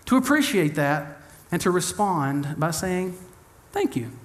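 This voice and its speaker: A young adult man preaching a sermon in an animated, humorous way, acting out the voices of the people he quotes. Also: high voice, measured pace. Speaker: pastor.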